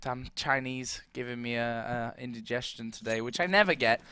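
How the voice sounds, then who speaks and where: A man calling live esports play-by-play, excitable in the action and jokey in the asides. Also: mid-range voice, normal speed, clean tone. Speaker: esports caster.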